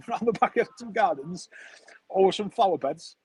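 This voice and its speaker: A man's voice: high voice, animated, moderate pace, a little mellow, husky, poor audio. A man, telling a rambling, chatty story full of slang as a streamer. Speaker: football streamer. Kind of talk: casual storytelling chat.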